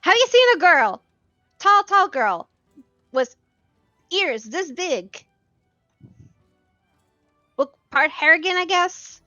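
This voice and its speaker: A woman voicing a fussy, nosy older innkeeper woman with a shrill calling voice in a tabletop game. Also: very animated, slow, pauses often, bright, forceful tone, no echo, dull audio, soft background music, exaggerated voice.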